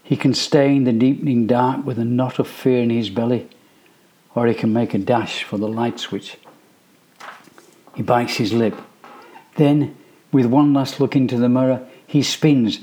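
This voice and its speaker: A man narrating a story slowly in a hushed, suspenseful voice. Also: medium pitch, little pitch movement. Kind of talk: scripted narration.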